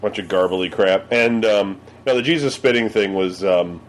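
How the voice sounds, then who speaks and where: A man's voice: low voice, normal speed, slight background noise. A man co-hosting a casual podcast chat, telling stories with frequent laughter. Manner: laughs often, tells stories animatedly. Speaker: podcast co-host.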